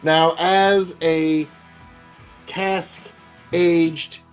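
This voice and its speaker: A man hosting a casual whiskey review chat, grading a bottle in slow, deliberate phrases. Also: a little high, level tone, clean tone, faint music behind. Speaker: host of a whiskey review show.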